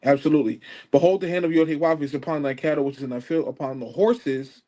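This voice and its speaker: A man with a slightly high voice calls into a Bible debate stream. He presses his questions steadily and persistently and reads scripture passages aloud. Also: quick pace, mellow. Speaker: caller.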